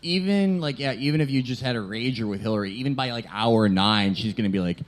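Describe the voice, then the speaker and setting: A man's voice: mid-range voice, fast talker. A man dropping dry one-liners in live podcast banter.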